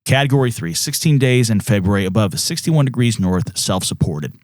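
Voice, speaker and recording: A man's voice: lowish voice, lively intonation, fairly quick, a little mellow, dry recording, studio quality. A man co-hosting a podcast, reacting with jokes and reading trip details casually. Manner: jokey reactions, mock voices. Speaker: podcast co-host. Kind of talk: casual chat.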